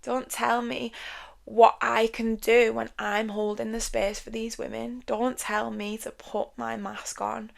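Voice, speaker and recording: A woman's voice: fairly high pitch, creaky. A woman hosting a podcast, speaking emphatically and from the heart in a blunt, confessional monologue. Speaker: podcast host.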